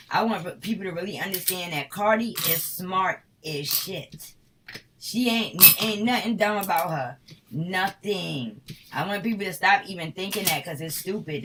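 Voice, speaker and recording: A Harlem woman with a New York accent gives a casual tarot reading, blunt, slangy, and profane. Her voice is on the low side, recorded from a distant mic with heavy background noise.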